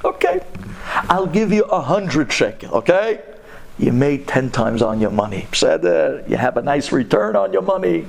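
Guy doing taxi driver, loud and lively, totally worked up. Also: on the high side, moderate pace, gravelly, exaggerated voice. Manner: animated, worked-up, mixing Hebrew words. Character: excitable Israeli male taxi driver, pleading.

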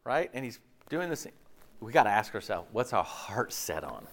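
A man's voice: on the low side, very animated, moderate pace, a bit bright. A pastor preaching a conversational sermon, acting out quoted voices as he goes.

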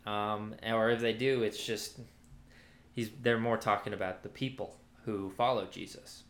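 A man's voice: on the low side, steady tone, measured pace. A man giving a casual Bible teaching, talking conversationally with many fillers and restarts. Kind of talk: casual sermon-style teaching. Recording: roomy echoey room.

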